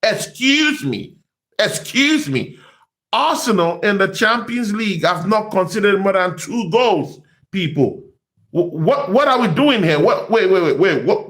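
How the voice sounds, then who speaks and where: Excitable high-pitched man ranting, echoey room. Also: unhurried. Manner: excitable, taunting, repeats words. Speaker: football fan vlogger. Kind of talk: animated fan rant to camera.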